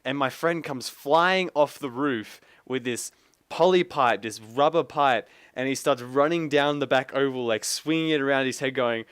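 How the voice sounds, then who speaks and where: Smooth-voiced man telling a story. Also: medium pitch, normal speed, no echo, clean studio sound. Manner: animated storyteller, acts out the voices in his story. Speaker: podcast guest. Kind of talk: casual chat.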